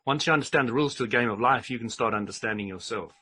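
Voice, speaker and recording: A man joins a casual radio chat, wry and blunt in his remarks. His voice is bright with a husky edge. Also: mid-range voice, very fast.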